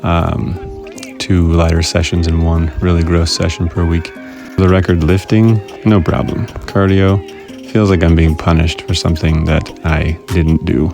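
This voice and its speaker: A man's voice: deep voice, flat delivery, unhurried, creaky, over music. A man hosting his own vlog, narrating in a casual, scripted way with wry, self-mocking humor. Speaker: vlog host.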